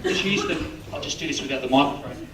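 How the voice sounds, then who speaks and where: A man's voice: fairly high pitch, fast talker. Man, stand-up comedian, teasing and chatty, miked from a distance, echoey live venue. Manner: chatty, teasing, drops in Italian words and put-on voices. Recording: roomy live room, mic at a distance, crowd laughter. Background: audience laughing.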